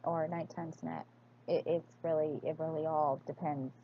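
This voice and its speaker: A woman's voice: sits low, fairly even intonation, moderate pace, muffled recording, slight background noise. A woman chatting casually through an accent tag video, hesitant and full of fillers and restarts. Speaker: crafting vlogger.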